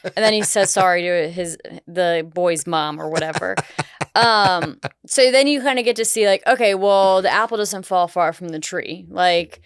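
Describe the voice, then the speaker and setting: A young woman co-hosting a casual movie podcast, briskly recapping the plot. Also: fairly low pitch, clean tone, no echo, studio quality. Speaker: podcast co-host.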